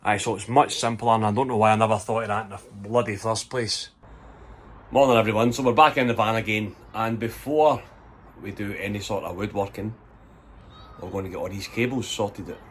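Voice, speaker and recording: Scottish man, low-ish voice, easygoing vlog walkthrough, faint noise in the background. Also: steady tone, a little fast, poor audio. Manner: chatty, explaining as he goes. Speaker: vlogger building a campervan. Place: inside a van under conversion.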